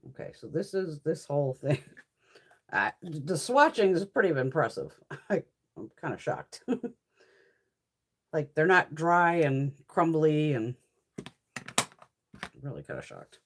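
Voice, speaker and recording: A chatty woman talking casually as she swatches makeup for her viewers. Her pitch swings up and down with a lot of life, and she drops swear words and laughs easily. She talks back to viewers' comments in a loose, unscripted way. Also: sing-song, unhurried, pauses often. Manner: chatty, profane, laughs often; answers viewers' live comments. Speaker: beauty haul host.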